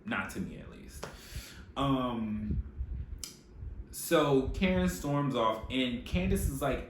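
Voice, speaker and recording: A man's voice: mid-range voice, animated, slow pace, long pauses. A man giving a casual, opinionated TV recap, sassy and profane, full of slang. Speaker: reality TV recap host. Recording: echoey room with faint noise.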